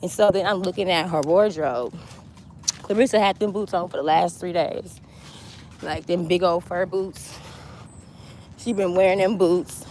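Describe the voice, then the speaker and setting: A woman's voice: lowish voice, measured pace, pauses often, a little mellow, slight background noise. A woman giving blunt, mocking celebrity gossip commentary, swearing freely as she talks.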